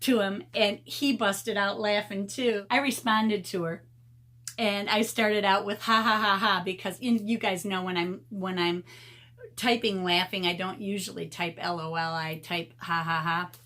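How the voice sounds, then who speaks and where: A chatty woman in her fifties, talking casually to her viewers as an art vlogger. She tells her stories with a ready laugh, and her pitch sits right in the middle. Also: fairly even intonation, unhurried, fairly bright tone. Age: 50s. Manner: chatty, laughs often while telling stories.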